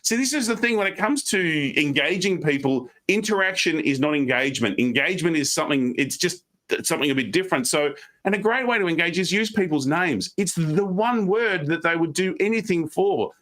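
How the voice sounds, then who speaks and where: An Australian man giving online presentation tips on a video call, fast and animated, slipping into quick mock voices. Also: on the high side. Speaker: guest speaker.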